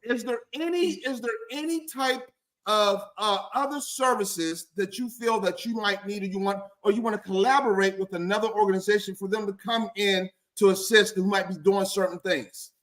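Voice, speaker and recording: A man's voice: high voice, normal speed, fairly bright tone. A man hosting a live stream interview, joking and teasing his guests in playful banter.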